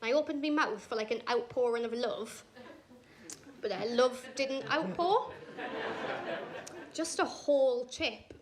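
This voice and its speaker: A woman's voice: on the high side, unhurried, long pauses, crowd noise. A young woman doing a stand-up routine, telling self-mocking stories full of swearing and acted-out quotes. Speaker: stand-up comedian. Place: comedy club stage. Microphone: handheld stage mic.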